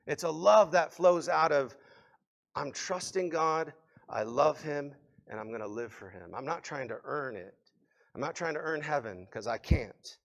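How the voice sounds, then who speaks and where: A man's voice: a little high, measured pace, vocal fry. A man preaching a sermon in an earnest, fervent way, with many fillers and restarts. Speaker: pastor.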